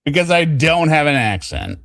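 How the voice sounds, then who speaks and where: A man's voice: mid-range voice, animated, unhurried, fairly bright tone, no room sound, clean studio sound. A man from the US West Coast hosting a stream, arguing playfully and laughing. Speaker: stream host. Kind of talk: casual chat on a stream.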